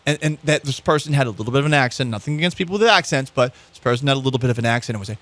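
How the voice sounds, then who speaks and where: A man's voice: medium pitch, racing, hardly any pauses, fairly bright tone. A man hosting a sports talk show, telling rambling, self-mocking stories in casual chat. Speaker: sports podcast host.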